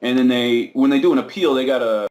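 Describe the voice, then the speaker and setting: A man as an interview guest, retelling a story in an animated way and acting out the voices of the people in it. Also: medium pitch, fast. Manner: animated retelling, acts out quoted voices, laughs often. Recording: echoey room.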